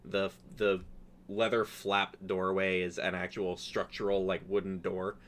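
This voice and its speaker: A man with a lowish voice runs a tabletop game, narrating scenes in a loose, rambling way full of "um" and "uh". A faint hiss sits under the recording. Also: level tone, unhurried, a bit bright. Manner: rambling, filler-heavy, laughing often. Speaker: game master.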